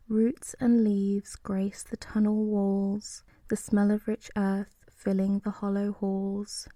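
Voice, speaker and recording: Woman narrator, whispered role-play, dry close mic, flat gentle whisper. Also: medium pitch, no echo. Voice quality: soft whispering. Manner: slow, soothing rhyming narration. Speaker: sleep story narrator.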